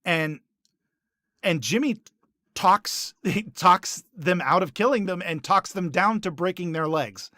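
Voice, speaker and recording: A man's voice: high-pitched, lively intonation, slow pace, bright, forceful tone, no room sound, clean studio sound. A man co-hosting a podcast, retelling TV scenes in casual chat with lots of fillers and restarts. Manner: rambling, many restarts and fillers. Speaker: podcast co-host.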